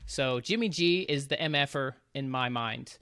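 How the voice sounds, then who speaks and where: A man's voice: medium pitch, moderate pace, sharp tone, clear, resonant tone, no room sound, studio quality. A man hosting a casual sports podcast, who argues his picks with enthusiasm and laughs along. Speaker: podcast host.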